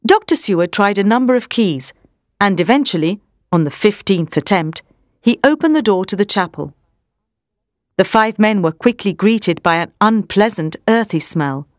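A woman's voice: mid-range voice, moderate pace, dry recording, clean studio sound. Woman narrating a storybook expressively. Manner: clear, expressive reading.

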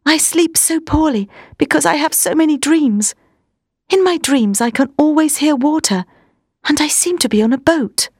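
A frightened, tearful young wife speaks softly and weakly, pleading in a raised voice, put on by a woman reader. The voice is dry, with no room around it. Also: high-pitched, animated, moderate pace, dry recording, voice pushed up. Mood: weary. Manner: soft, weak, pleading.

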